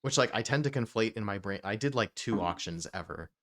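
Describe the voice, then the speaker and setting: A man from New Jersey chats casually as co-host of a whiskey show, his voice sitting low. He rambles and wanders into asides, trailing off and circling back as he goes. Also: animated, a little fast, a bit bright. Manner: rambling, with many fillers and asides. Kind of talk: casual chat.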